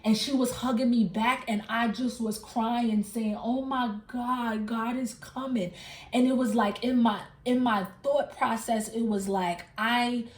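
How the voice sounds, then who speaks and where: Echoey, higher-voiced woman recounting a dream. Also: fairly even intonation, a little slow, hardly any pauses. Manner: emphatic and repetitive, circling back to rephrase. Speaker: tarot reader and channel host. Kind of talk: casual storytelling about a dream.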